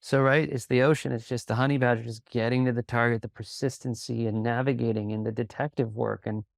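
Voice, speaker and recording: A man speaks as a guest on a podcast, telling stories in a calm, unhurried way. His voice has a gravelly, fried texture at a middle pitch. The recording is close and dry. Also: dry recording. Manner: calm, even delivery with quick bursts of storytelling. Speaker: sales coach and podcast guest. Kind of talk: conversational interview.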